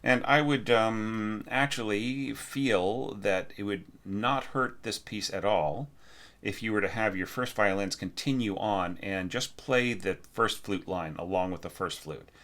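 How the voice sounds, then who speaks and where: A man with a low voice and a bright, forceful edge talks through a student's orchestration. He thinks aloud with many fillers, often sings the lines as "da da da," and keeps checking in with "right?". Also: a little slow. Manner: frequent fillers and restarts, encouraging but direct. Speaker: orchestration teacher. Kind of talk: spoken feedback lesson on a score.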